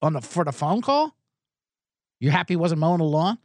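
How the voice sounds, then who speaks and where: A man's voice: a little high, very animated, brisk, no echo, studio quality. A man hosting a sports betting podcast, ranting sarcastically with plenty of profanity. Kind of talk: comedic sports rant.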